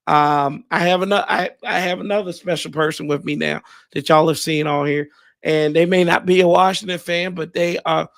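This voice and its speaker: A man hosting a fan livestream, hoarse and emotional, thanking his viewers in a rambling, heartfelt way with many restarts. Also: a little high. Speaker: fan show host.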